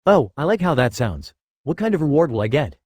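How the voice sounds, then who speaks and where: A man's voice: fairly high pitch, very animated, brisk, a little mellow, no echo. A man plays a mischievous young boyfriend in an audiobook, coaxing and teasing with a lifted, playful lilt. The voice sits close and dry on the mic.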